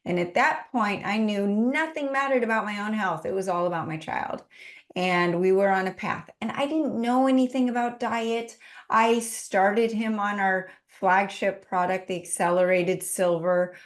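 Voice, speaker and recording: A woman's voice: medium pitch, a little slow. A woman in her forties, a podcast guest, telling a personal story in an earnest, heartfelt way. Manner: earnest, heartfelt, lists things in a steady run. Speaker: podcast guest, business owner.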